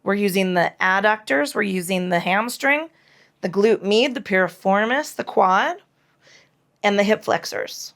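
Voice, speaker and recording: A woman yoga instructor guiding a class through hip and low back moves, cueing breath in a frank, playful way with casual swearing. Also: lively intonation, a little slow, fairly bright tone.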